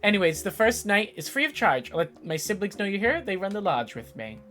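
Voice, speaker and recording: A woman's voice: mid-range voice, sing-song, brisk, a bit bright, soft background music. A woman voicing a cheery, overly polite lodge keeper, reading game dialogue aloud with an affected accent and a grand hospitable manner. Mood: grandly welcoming.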